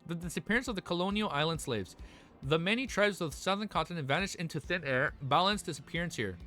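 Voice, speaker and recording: A young man streaming live, reading a story aloud and reacting with excited swearing and stumbles. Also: a little high, fast talker, faint music behind.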